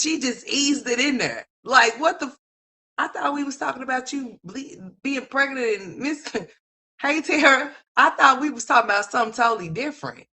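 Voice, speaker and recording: A woman commentator ranting with incredulous, profane, rapid-fire talk full of restarts. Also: sits high, sharp tone, breathy edge.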